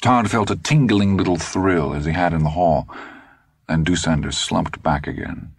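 A man narrating an audiobook in a deliberate storytelling manner, recorded on a close studio mic. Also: low-pitched, slightly rough, no room sound. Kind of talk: scripted narration.

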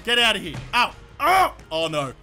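Loud, excitable high-voiced man. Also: normal speed, soft background music. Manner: loud, excitable, swears and yells often. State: sore throat from yelling. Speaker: gaming YouTuber. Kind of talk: let's play commentary. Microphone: desk microphone.

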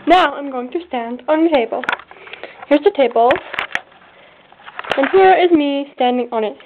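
A woman's voice: sits high, moderate pace, background noise. A young woman giving a playful, self-mocking tour of her house for a home video, chatting as she goes. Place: house, indoors and out by a fence. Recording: tinny lo-fi home camera audio.

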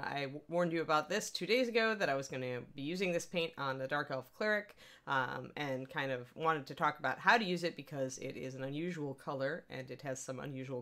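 A middle-aged woman with a notably low voice hosts a casual live-stream lesson. She talks in a chatty, upbeat way and greets her viewers by name as she works at her painting desk. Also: a bit bright. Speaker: miniature painting instructor, stream host.

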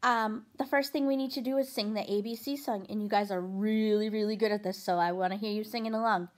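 A woman teaching a pre-K phonics lesson, sounding out letters and words clearly and slowly for young children, with encouraging praise between them. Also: mid-range voice, fairly even intonation.

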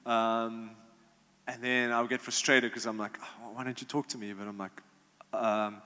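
A man's voice: medium pitch, moderate pace, bright, forceful tone. Young man answering questions in a hall. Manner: informal, many fillers and restarts. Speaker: youth leader answering questions. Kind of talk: casual Q&A talk. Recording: long hall reverb.

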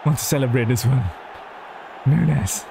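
Young male gamer, unhurried gameplay commentary over faint background hum; groans and cheers at plays. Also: mid-range voice, creaky.

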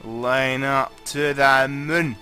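A man's voice: mid-range voice, extremely slow, soft background music. Drunk Scottish man rambling over gameplay. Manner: rambling, excitable, swears a lot. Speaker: gaming channel host. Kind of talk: let's play commentary.

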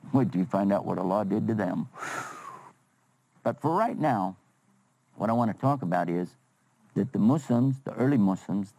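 A man telling a religious story as a lesson for children, chatty and animated, asking his listeners questions. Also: lowish voice, low-quality recording.

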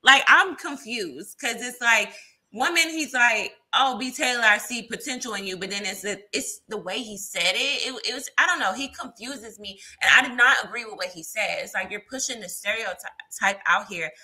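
A young woman talking casually as an interview guest, animated, hesitant with fillers, jumping up in pitch when she acts out what others said. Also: moderate pace. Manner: animated, acts out quoted lines with big pitch jumps; frequent fillers, hesitant restarts. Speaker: guest panelist.

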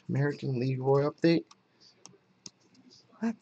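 A young man chatting casually while opening trading card packs on a live break, excited at the hits and muttering asides. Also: fairly high pitch, moderate pace, muffled recording.

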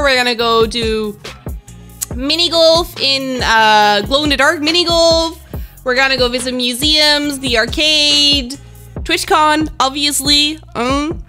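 A young woman streaming live, chatting and laughing easily with her viewers. Her voice sits high and bright. Soft music plays faintly underneath. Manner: bubbly, giggly, chats with viewers. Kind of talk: casual live-stream chat.

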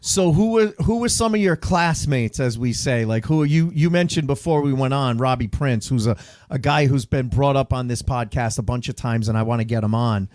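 A man's voice: medium pitch, normal speed, darkish tone, no echo, clean studio sound. A middle-aged man hosting a casual podcast chat, joking and laughing often as he talks. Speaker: podcast host. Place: podcast studio.

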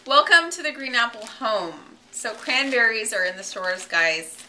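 A woman's voice: fairly high pitch, expressive, measured pace, pushed and bright, slight background noise. A woman hosting a home cooking demonstration in her kitchen, chatty and giggly, poking fun at herself as she works. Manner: chatty, giggly, self-deprecating. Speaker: cooking show host.

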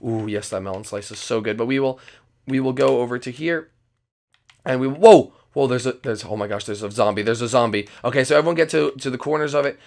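A man hosting and playing the lead in a game role-play, excitable and yelpy. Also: mid-range voice, fairly quick, vocal fry. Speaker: role-play host and narrator.

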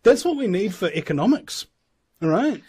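A man's voice: high-pitched, very animated, normal speed, darkish tone, slightly rough. A male host in casual interview chat, joking and explaining things in plain terms.

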